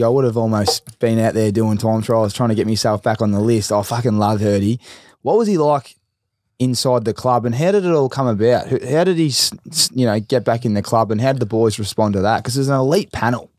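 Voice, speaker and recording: Animated Australian man swearing freely. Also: mid-range voice, a little fast, dry recording, clean studio sound. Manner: animated, profane storytelling. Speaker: podcast host. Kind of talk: casual interview chat.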